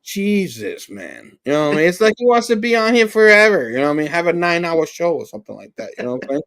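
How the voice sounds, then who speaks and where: A man with a slightly high voice chats on a relaxed podcast, rambling and joking as he talks. His voice is a little hoarse and worn, as if he is losing it. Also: fast. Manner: laid-back, jokey, rambling. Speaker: co-host. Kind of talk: casual podcast chat.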